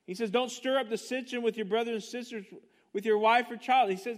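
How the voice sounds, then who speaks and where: A man's voice: extremely high pitch, fairly even intonation, brisk. A man preaching a sermon, emphatic and passionate, firing rhetorical questions at his congregation. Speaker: pastor.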